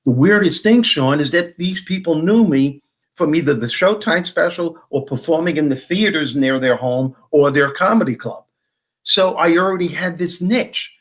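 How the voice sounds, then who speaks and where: A middle-aged man from Long Island, a guest telling stories in an interview and acting out the dialogue. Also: on the high side. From Long Island, New York. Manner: animated storyteller who acts out dialogue in quick bursts. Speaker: guest, motivational speaker and former comedian. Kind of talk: storytelling in a podcast interview.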